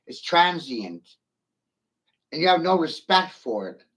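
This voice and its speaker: A man's voice: on the high side, very animated, slow pace, fairly bright tone, rough recording. A middle-aged man in a profane, taunting rant, swearing aggressively at his critics.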